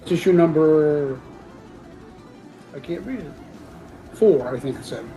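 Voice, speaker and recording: A man running a live comic book auction, congested from a sinus infection, joking loosely and clearing his throat as he lists issues and prices. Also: on the high side, expressive, unhurried, mellow, faint music behind, rough recording. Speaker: auction seller.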